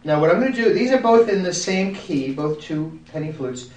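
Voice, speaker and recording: A genial musician with a high-sitting, darkish voice and lively intonation talks at normal speed from across a room. It's an informal group talk with a demonstration, full of self-deprecating humor, and the recording is roomy and distant.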